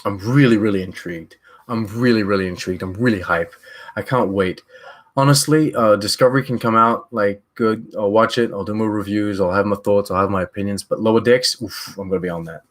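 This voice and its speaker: A man from New Zealand riffs casually on his live stream, and his voice sits a little low. He rambles through loose opinions and keeps restarting his sentences, with plenty of filler words.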